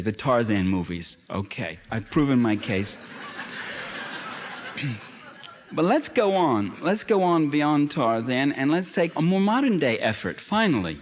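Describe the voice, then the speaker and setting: A man's voice: mid-range voice, animated, moderate pace. A man giving an impassioned public lecture, emphatic, with sardonic asides and fervent peaks. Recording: long hall reverb.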